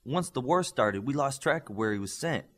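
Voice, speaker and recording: A man's voice: medium pitch, expressive, normal speed, a bit bright. A man voicing a proud, stern female teacher with a Scottish accent, dry and pointed in how she speaks. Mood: stern teacherly.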